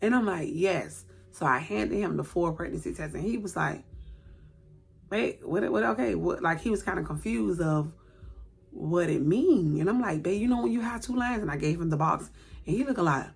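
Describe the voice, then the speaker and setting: A woman's voice: on the low side, expressive, brisk, gravelly, husky. A woman in her late thirties telling a personal story on camera at home, repeating words for emphasis and acting out what people said. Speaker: vlogger. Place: indoors at home, by a light.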